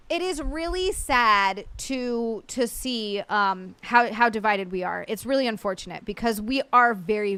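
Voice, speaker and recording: A woman from the United States hosts a relaxed livestream, wandering from topic to topic, reading viewers' messages, and swearing at times. She speaks at medium pitch with a bit of brightness.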